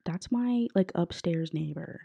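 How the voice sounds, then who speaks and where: A woman's voice: on the low side, unhurried, creaky, dark tone, breathy edge. A young woman hosting a podcast, chatting casually with lots of fillers, a bit sick. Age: young adult. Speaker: podcast host. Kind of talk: casual chat. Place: college apartment bedroom.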